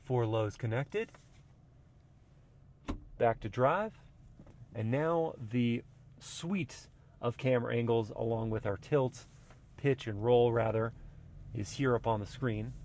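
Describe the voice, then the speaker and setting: A man's voice: medium pitch, takes it slowly, pauses often. Man narrating off-road in a truck. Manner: relaxed, explanatory, thinking aloud. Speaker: car reviewer. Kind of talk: casual driving commentary. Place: inside a pickup truck on an off-road trail. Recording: vehicle noise clearly heard. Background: engine and trail noise.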